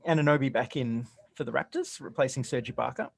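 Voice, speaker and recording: A man giving relaxed color commentary on a basketball game, explaining plays and often restarting his sentences. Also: medium pitch, fast, creaky. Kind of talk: casual game analysis.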